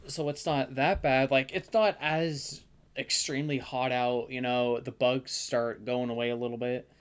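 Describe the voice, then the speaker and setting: A man's voice: mid-range voice, steady tone, a little slow, clean tone. A young man casually ranking the months of the year in a tier list, rambling and thinking aloud with lots of fillers. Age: young adult.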